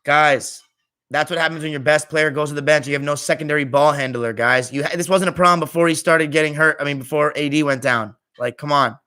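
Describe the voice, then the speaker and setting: Tired young man, bright casual chat. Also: on the high side, steady tone, fairly quick, clear, resonant tone. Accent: American. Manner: tired, offhand, trails off quietly at phrase ends. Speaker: podcast host reading live chat. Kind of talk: casual live-stream chat.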